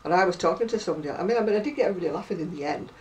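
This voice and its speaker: A woman's voice: fairly low pitch, expressive, racing, darkish tone. An older woman with a northern English accent, telling stories in a casual chat and laughing often. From northern England. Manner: chatty storyteller, laughs often. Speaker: crochet vlogger. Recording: distant mic, faint noise.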